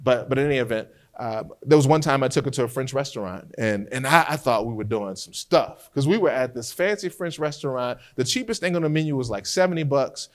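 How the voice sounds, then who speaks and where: A man teaching trial skills as a defense lawyer, an animated storyteller who often repeats words as he restarts a thought. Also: medium pitch, a little fast, few pauses. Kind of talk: lecture with courtroom storytelling.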